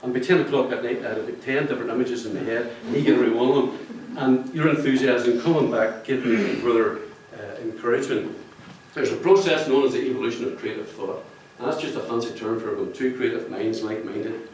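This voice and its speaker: A man's voice: medium pitch, a little fast, few pauses, a little mellow. A man talks to a roomful of people. He rambles and jokes, and he laughs at his own jokes. He is picked up from a distance in a heavily reverberant room with a faint hum of ambience behind him. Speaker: book cover artist speaking at a launch. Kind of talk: public speech to an audience. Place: function room with an audience. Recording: echoey room, distant mic.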